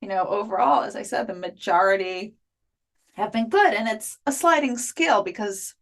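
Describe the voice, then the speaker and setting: A woman with a mid-range voice speaks at a moderate pace, interviewed as an afterlife researcher. She retells her experiences in an animated, chatty way, dropping "like" again and again. It's casual storytelling within an interview.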